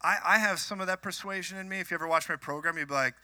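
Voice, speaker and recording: A man from Minnesota preaching a sermon, telling animated personal stories with joking asides to the congregation. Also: high-pitched, rapid-fire, clean tone, no echo. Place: church.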